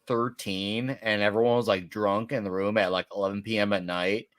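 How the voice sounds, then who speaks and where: A man's voice: fairly low pitch, steady tone, a little fast, a bit bright, clear, resonant tone, no echo. Rambling man telling a story. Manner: rambling storyteller, many fillers. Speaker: podcast co-host. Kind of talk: casual chat.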